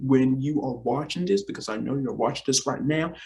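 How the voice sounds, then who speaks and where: A man's voice: mid-range voice, brisk, gravelly, a little mellow. A young man in his twenties talking casually to camera, rambling and repeating himself, teasing and apologizing, often calling out to "you guys". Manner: playful, teasing then apologetic. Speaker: vlogger and talk show co-host.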